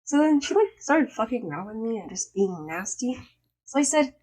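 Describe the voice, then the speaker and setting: Emphatic, hoarse young woman vlogger. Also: fairly high pitch, normal speed. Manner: emphatic, swearing, animated storytelling. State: slightly hoarse after illness. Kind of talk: casual storytelling vlog.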